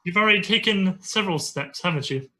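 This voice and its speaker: Game master doing a gruff old dwarf master. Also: medium pitch, expressive, quick pace, pushed and bright. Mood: calm, wise.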